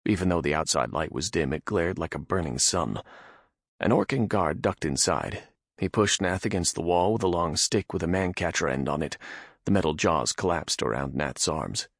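A man narrating a fantasy audiobook with lively storytelling delivery. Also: deep voice, moderate pace, husky, no echo, studio quality.

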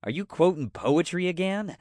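A curious, sharp-tongued woman, as a male narrator puts her on speaks in a slightly lifted, pointed voice with lively swings in pitch. The audiobook recording is dry and close. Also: a little slow, no room sound. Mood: skeptical.

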